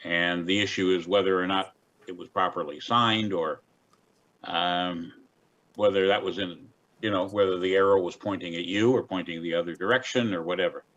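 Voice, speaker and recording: A man serving as hearing officer, presiding in a plain-spoken, folksy, measured way over a video call. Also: low voice, fairly even intonation, a bit bright, lo-fi sound.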